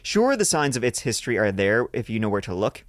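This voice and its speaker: A man's voice: fairly low pitch, big pitch swings, brisk, no echo, clean studio sound. Joking male podcast host reading stories. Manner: crude joking asides between read passages. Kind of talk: casual podcast banter while reading aloud.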